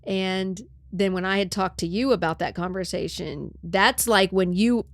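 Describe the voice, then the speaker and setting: A woman hosts a podcast, telling a story in casual chat with an animated manner and frequent "right?" and "like". Her voice is medium-pitched and measured in pace, with no echo.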